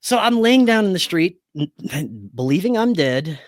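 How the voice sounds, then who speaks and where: Male podcast guest telling a personal story, animated, voices the dialogue, dead dry room. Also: sits high, normal speed, dry recording. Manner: animated, acts out quoted dialogue. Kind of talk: casual storytelling.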